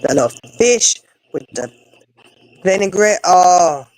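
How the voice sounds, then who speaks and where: A woman's voice: takes it slowly, low-quality recording. Chatty woman telling stories. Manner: chatty storyteller, animated with big swings in pitch. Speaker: co-host. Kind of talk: casual chat.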